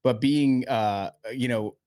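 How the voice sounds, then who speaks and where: A man's voice: medium pitch, slow, mellow, no echo, clean studio sound. A man co-hosting a podcast, agreeable and joking in casual chat. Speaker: podcast co-host.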